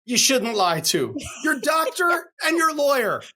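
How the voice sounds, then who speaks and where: A man's voice: extremely high pitch, huge pitch swings, unhurried, pushed and bright. A middle-aged man, a divorce attorney co-hosting a podcast, telling a courtroom story in a worked-up rant and acting out the voices of the people in it. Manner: worked-up ranting, acts out quoted voices.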